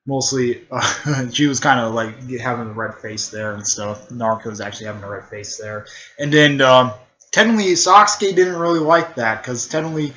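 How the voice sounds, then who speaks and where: A man retelling a fan story in a rambling, halting way, full of fillers and restarts. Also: medium pitch, bright, forceful tone, lo-fi sound. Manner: halting, filler-heavy, repeats "technically" and "there".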